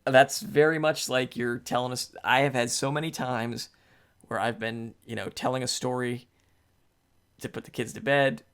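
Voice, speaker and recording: A man in his forties, co-hosting a podcast, retelling a book in a relaxed, rambling way. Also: mid-range voice, moderate pace, clear, resonant tone. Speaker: podcast co-host. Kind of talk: casual book discussion.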